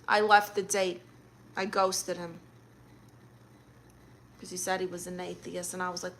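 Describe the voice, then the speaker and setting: A woman's voice: on the low side, level tone, unhurried, long pauses, fairly bright tone, slight background noise. A young adult woman hosting a livestream, reading chat messages aloud and answering with sassy, teasing comebacks.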